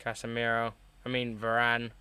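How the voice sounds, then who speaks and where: A young man hosts a live football watchalong, talking through the match and reacting excitably as a fan. His voice is smooth and clear at a middle pitch, recorded dry and close with no room around it. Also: normal speed, no room sound.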